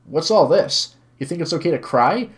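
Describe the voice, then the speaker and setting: A man reading aloud as a stern, condescending older woman who scolds harshly and loudly. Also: mid-range voice, big pitch swings, fast talker, natural voice. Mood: furious. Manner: loud, barking, demanding.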